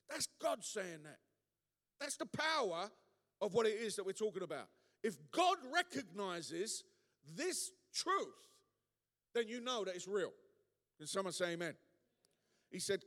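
A man preaching a sermon to a congregation, emphatic and conversational, building to loud punchy peaks and throwing asides to the room. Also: a little high, lively intonation, normal speed. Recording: long reverb of a large hall.

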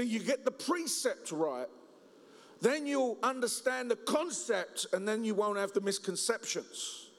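A man preaching a humorous Christmas sermon, joking and telling stories in an animated way. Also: high-pitched. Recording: reverberant hall.

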